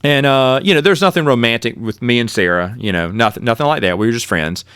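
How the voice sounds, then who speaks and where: A man's voice: medium pitch, quick pace, smooth, dry recording, clean studio sound. A middle-aged man telling his own college stories in a casual, rambling way, often correcting himself mid-sentence. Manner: rambling, animated, with self-corrections. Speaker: podcast host. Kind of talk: casual storytelling monologue.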